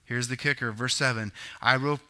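A man's voice: mid-range voice, fairly even intonation, normal speed, sharp tone. A man preaching a sermon as pastor, teaching in a conversational way with asides and self-corrections.

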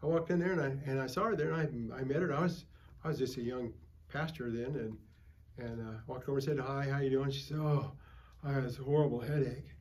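A man's voice: medium pitch, quick pace, few pauses. An older man preaching at a Bible study, a folksy pastor who tells stories and calls for amens from the group. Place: church.

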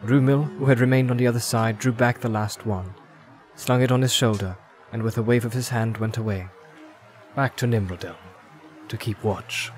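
A man narrating a fantasy audiobook in a steady, measured storytelling voice. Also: mid-range voice. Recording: background music.

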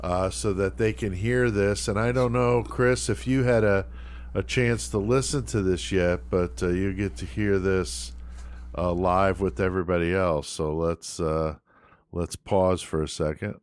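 A man's voice: low voice, fairly even intonation, unhurried, smooth. A man hosting a podcast in a laid-back, casual way. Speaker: podcast host.

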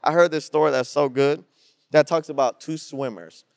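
A young man preaching to a youth group in a slangy, energetic style with call-and-response. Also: on the high side, normal speed, no echo, studio quality. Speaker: youth pastor. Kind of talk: sermon.

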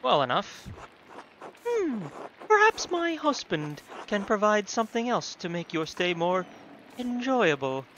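A man voicing a gracious innkeeper's wife, reading game dialogue in a slow, soft, sultry way. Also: fairly high pitch, wildly swooping pitch, slight background noise, full character voice, rough recording.

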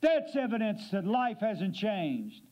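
High-voiced man preaching a sermon. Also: sing-song, slow, a little mellow, highs cut off. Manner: emphatic, asks the congregation questions. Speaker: guest preacher. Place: church sanctuary.

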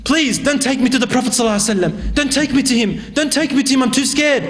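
A man's voice: very fast, a bit bright, in a large hall. A man voicing a terrified, remorseful young man who begs in a desperate, raised voice. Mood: pleading, terrified. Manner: desperate, pleading, pitched up.

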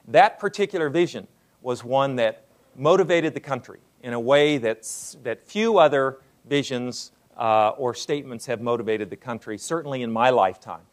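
A man, older, giving a lecture to an audience as a university president, unhurried and full of "uh" fillers. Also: medium pitch, expressive.

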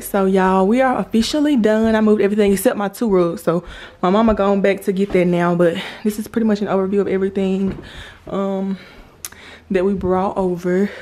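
A woman's voice: mid-range voice, a little mellow. Chatty young woman vlogging her move. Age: 20s. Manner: chatty, addresses viewers as y'all. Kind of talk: casual vlog chat. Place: new house, indoors.

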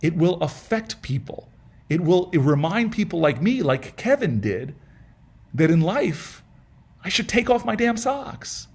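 A middle-aged senator, guesting at an informal fireside chat, recounts something from his own life with earnest humor, frequently starting over and repeating himself. His voice sits high and is very animated, at a measured pace.

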